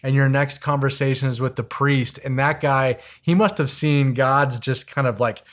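A man's voice: mid-range voice, steady tone, moderate pace, fairly bright tone. A man in his forties hosting a casual interview, recapping his guest's story with encouraging remarks. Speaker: podcast host.

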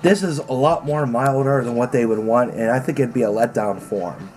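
A man speaks in an easygoing, plain-spoken way, with the odd swear, while his mouth burns from spicy food. He keeps a steady middle pitch and a relaxed, casual tone throughout. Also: a little fast. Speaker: vlogger tasting food on camera. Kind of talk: casual food challenge chat.

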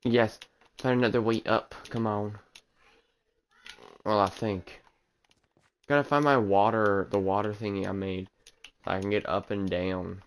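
A man's voice: lowish voice, fairly even intonation, a little slow, long pauses, clear, resonant tone. A man streaming a video game, chatting casually and teasing the characters on screen in a rambling way. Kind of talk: casual gameplay commentary.

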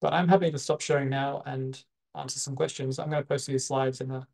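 Guy presenting on a video call, gravelly and kinda flat, lots of ums and restarts. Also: mid-range voice, a little fast, poor audio. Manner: hesitant, many fillers and restarts. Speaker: guest speaker. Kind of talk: online presentation.

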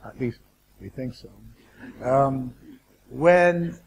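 A man speaking as a guest lecturer to students, deliberate and wry, with asides and restarts. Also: medium pitch, darkish tone, a little hiss or hum.

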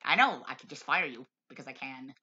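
A woman's voice: rumbling low, lively intonation, brisk, sharp tone, husky. A woman hosting a home-made comedy film review, bossy and mock-grumpy. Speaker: film reviewer, show host. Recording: lo-fi home recording.

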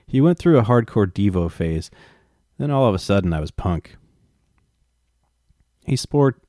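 Low, mellow-voiced man reading aloud. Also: no echo, studio quality. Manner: wry, profane offhand asides. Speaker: reader and commentator. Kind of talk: reading a book aloud with casual asides.

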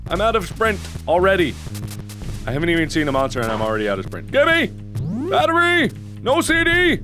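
A man giving excitable, panicky horror game commentary, often yelling and mocking himself as he talks to himself. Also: high voice, moderate pace, pauses often, soft background music. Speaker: let's-play host.

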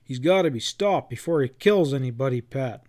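A man's voice: medium pitch, lively intonation, moderate pace, darkish tone, natural voice. A man voicing a grim, angry leader of a frontier posse, who talks in blunt, threatening folksy speech.

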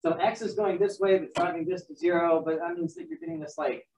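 A man's voice: a little high, fairly even intonation, fairly quick, darkish tone. A man teaching a math class in a casual lecture, rambling with joking asides and restarting himself as he works through sums. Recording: dull, distant classroom recording.

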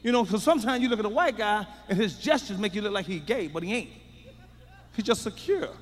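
A man doing a stand-up comedy routine, loud and profane, swinging between shouted punchlines and muttered asides. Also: high voice, animated, a little fast. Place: large theater stage with live audience. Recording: live concert hall reverb.

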